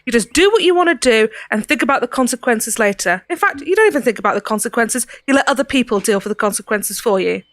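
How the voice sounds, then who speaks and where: A woman's voice: a little high, animated, quick pace, hardly any pauses, a bit bright, dry recording. A woman playing a sassy Cockney fairy. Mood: scolding. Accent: soft Cockney. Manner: sassy, scolding, sarcastic. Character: sharp-tongued scolding female fairy.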